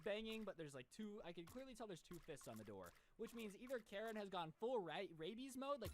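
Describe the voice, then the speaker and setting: A man's voice: high-pitched, noisy background. A man in his twenties telling a story-time vlog in an exasperated, ranting way. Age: 20s.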